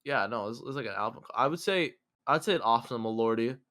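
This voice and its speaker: A man's voice: mid-range voice, animated, fast talker, sharp tone, a little hiss or hum. A young man chatting casually with friends, swearing and enthusing as he rambles. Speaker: co-host. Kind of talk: casual chat among friends.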